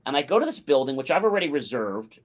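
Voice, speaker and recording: Talk show co-host, male, animated anecdote teller with swinging pitch. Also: quick pace. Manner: animated anecdote with acted-out quotes. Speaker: podcast co-host. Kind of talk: casual storytelling.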